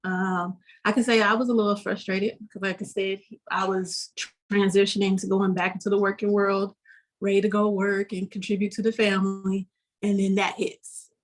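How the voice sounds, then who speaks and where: A woman answering interview questions as a guest, halting and searching for words. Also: medium pitch, flat delivery.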